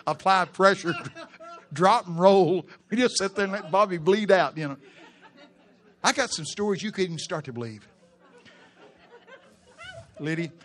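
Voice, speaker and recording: Folksy preacher man, slightly high voice. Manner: folksy, laughing, breaks into loud shouts. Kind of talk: sermon storytelling.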